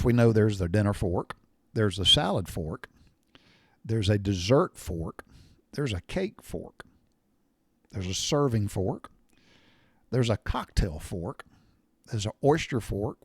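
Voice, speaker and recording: A man's voice: fairly low pitch, no room sound, studio quality. An older man, telling rambling, folksy home stories with mild cussing. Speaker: storyteller sharing memories. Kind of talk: casual storytelling monologue.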